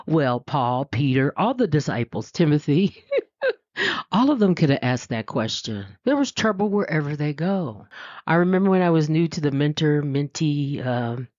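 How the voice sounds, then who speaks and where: A middle-aged woman from the US West Coast preaching a conversational sermon, animated and laughing often, jumping into high voices when she quotes people. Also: a little slow, no room sound. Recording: dull, dry lo-fi recording.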